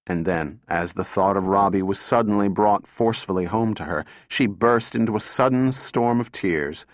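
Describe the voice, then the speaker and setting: A man narrating an audiobook in a measured, expressive reading. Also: lowish voice, no room sound. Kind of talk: scripted narration. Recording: dull dry recording.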